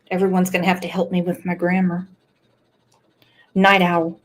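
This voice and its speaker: A woman's voice: on the low side, steady tone. A woman hosting a true-crime livestream, chatting casually and joking with her viewers. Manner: playful, joking, drawn-out. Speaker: true-crime channel host.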